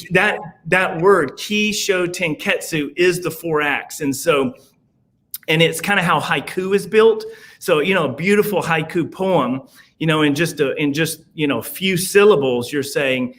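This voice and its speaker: A man's voice: on the high side, measured pace, fairly bright tone. A man with a Southern US accent, a podcast guest talking in a rambling way, full of fillers and restarts. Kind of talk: casual conversation.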